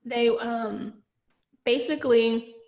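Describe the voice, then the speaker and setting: A woman hosting a podcast, with a gravelly voice, talking in a hesitant way full of fillers. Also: fairly high pitch, steady tone, slow, darkish tone. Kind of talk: casual podcast chat.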